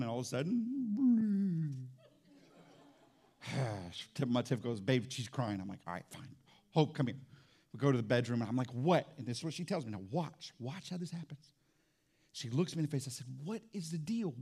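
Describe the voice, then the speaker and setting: A man's voice: mid-range voice, expressive, moderate pace, warm tone, slightly rough. A middle-aged man preaching a sermon as pastor, telling family stories in a conversational way and calling on the congregation for amens. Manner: conversational storytelling, calls for amens.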